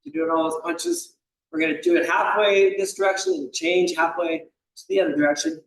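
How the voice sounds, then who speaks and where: A man's voice: high-pitched, very animated, fairly quick, fairly bright tone, slight background noise. Upbeat man coaching an exercise class. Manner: upbeat, encouraging, counts out reps. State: slight cough. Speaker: fitness instructor. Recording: echoey room, voice far from the mic.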